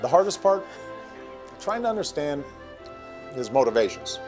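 A man's voice: a little high, very animated, moderate pace, music in the background. A man playing a self-serious method actor. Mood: earnest. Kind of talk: comedy sketch.

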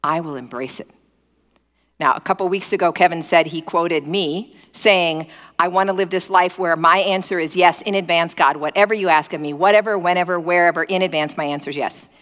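Lower-voiced woman preaching in a reverberant hall. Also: a little fast. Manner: animated storytelling, acting out prayers in quoted voices. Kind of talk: sermon. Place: indoor gathering space.

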